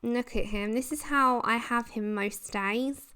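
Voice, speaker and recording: A woman's voice: fairly high pitch, measured pace, pushed and bright, clear, resonant tone. A woman hosting a casual colouring livestream, chatting and giggling as she reads the chat. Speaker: livestream host.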